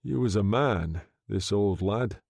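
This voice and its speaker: A man doing a soft-spoken menacing gangster. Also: slow pace, gravelly, no room sound, clean studio sound, full character voice. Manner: soft, low, quietly threatening. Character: menacing smooth-talking gangster undertaker man.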